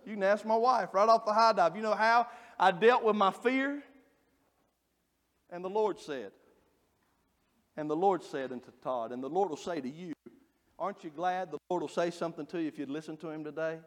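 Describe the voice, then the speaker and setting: A man preaching a sermon, folksy and joking as he tells animated stories. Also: high voice, moderate pace, pauses often. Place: church. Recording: long reverb of a church hall.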